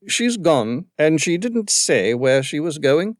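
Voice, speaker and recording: A male narrator voicing a dutiful, reserved male footman with a British accent and a monotone drawl. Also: fairly high pitch, slow pace, dry recording, studio quality, pitched above the performer's own voice.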